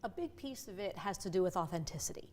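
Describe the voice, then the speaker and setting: Middle-aged woman, voice coach, animated and expressive, easy conversational interview tone. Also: fairly low pitch, breathy edge. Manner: animated, with quick vivid asides and playful voices. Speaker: voice and communication coach.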